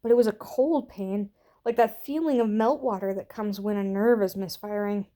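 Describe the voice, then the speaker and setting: A woman reading a story aloud in a slow, soft, gentle voice that sometimes drops to a hush. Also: medium pitch, steady tone. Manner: slow, soft and gentle, dropping to hushed whispers. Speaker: reader.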